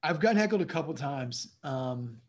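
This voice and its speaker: Rambling higher-voiced comedian, chatty. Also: male voice, animated, moderate pace. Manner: rambling, full of "you know what I mean". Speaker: comedian guest. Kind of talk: casual interview storytelling.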